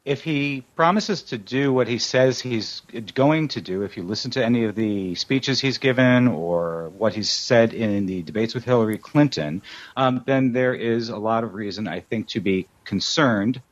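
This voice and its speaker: An American man being interviewed as a podcast guest, answering in a measured way with frequent ums. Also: mid-range voice, dry recording, muffled recording. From United States. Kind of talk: casual interview over a remote call.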